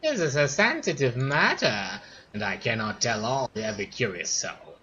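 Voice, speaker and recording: A man voicing a smooth, sly older wizard lord in a fantasy game, speaking in a coaxing, ingratiating way. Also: mid-range voice, very animated, normal speed, sharp tone, dull audio, slight background noise.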